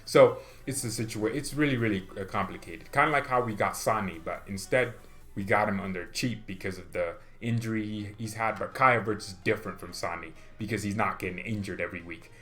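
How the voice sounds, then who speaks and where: A man hosting a football fan channel, talking in a rambling, excitable vlog style full of rhetorical questions. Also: lowish voice, fairly quick, faint music behind. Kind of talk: casual vlog commentary.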